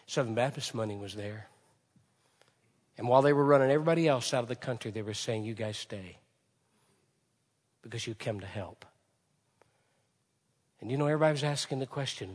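A man preaching a sermon with passion, swinging from shouted peaks to hushed, quiet lines. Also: mid-range voice, a little fast, long pauses. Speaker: pastor. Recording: long hall reverb.

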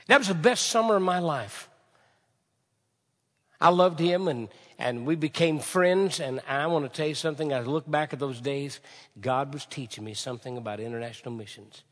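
A man's voice: on the high side, normal speed, fairly bright tone. A man preaching a sermon to a congregation, asking rhetorical questions and repeating phrases for emphasis. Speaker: pastor. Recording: reverberant hall.

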